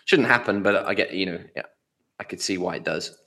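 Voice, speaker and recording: A man's voice: sits low, a little fast, bright, forceful tone. A man co-hosting a podcast, chatting casually and with amusement, trailing off with fillers. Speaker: podcast co-host. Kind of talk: casual chat.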